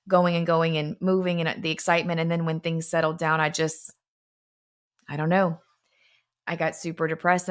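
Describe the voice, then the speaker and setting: A woman's voice: fairly low pitch, a bit bright. A middle-aged woman earnestly telling a personal story, as the founder of a fitness brand.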